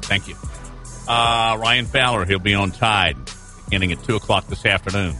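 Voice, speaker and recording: A man's voice: on the low side, steady tone, moderate pace, bright, forceful tone, soft background music. A man hosting a sports talk radio show, upbeat and joking with a guest. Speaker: radio host.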